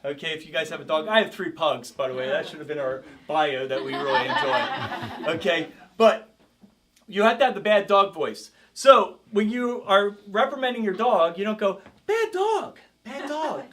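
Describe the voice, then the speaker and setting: Calling out drills with energy, a man leads a group through a self-defense class as their karate instructor, participants audible around him. He has a high, slightly bright voice.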